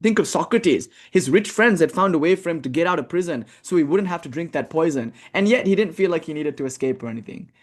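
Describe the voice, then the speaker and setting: A man's voice: a little high, expressive, fast talker, few pauses. A man giving a spiritual lesson, reading a text aloud and breaking off into casual, chatty commentary. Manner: casual, chatty asides, frequent "like". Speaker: spiritual teacher.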